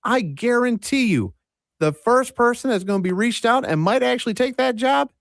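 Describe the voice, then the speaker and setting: A man's voice: very high voice, expressive, normal speed, creaky, no echo, clean studio sound. A man co-hosting a sports radio show, confidently making bold declarations and bets. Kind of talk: casual sports talk debate. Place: radio studio.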